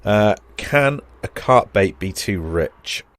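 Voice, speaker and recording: A man's voice: lowish voice, animated, takes it slowly, fairly bright tone, no room sound. A man co-hosting a podcast in easygoing casual chat, reading out listener questions. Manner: easygoing, reads out listener questions, calls the other "mate". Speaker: podcast co-host.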